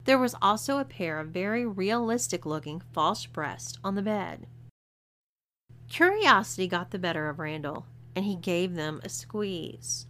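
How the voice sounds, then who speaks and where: A woman's voice: medium pitch, big pitch swings, unhurried, a bit bright. A woman reading an adult story aloud as narrator. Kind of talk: audiobook reading.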